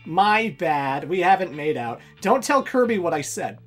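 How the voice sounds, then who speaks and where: Casual let's play host, woman, lively chatty delivery. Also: lowish voice, measured pace, music in the background. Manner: chatty, giggly, says "like" often. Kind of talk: casual game commentary.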